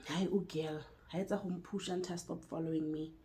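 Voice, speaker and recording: Young South African woman, storytime vlogger. Mellow, lower voice. Lively retelling with dialogue played out. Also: normal speed, low-quality recording. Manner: animated retelling, acting out dialogue, switching into Sesotho. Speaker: YouTuber telling a personal story. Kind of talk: storytime vlog.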